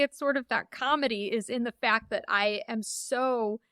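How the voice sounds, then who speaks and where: A woman in her thirties telling her own birth stories as a podcast guest, animated and acting out the voices of the people she quotes. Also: a little high, brisk, hardly any pauses, smooth, no echo, clean studio sound. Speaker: podcast guest, memoir author. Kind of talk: casual storytelling.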